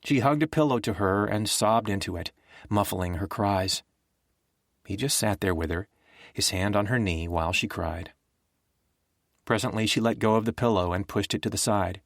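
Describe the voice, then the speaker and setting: A man narrating an audiobook in a measured, even storytelling way. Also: fairly low pitch, no room sound, studio quality.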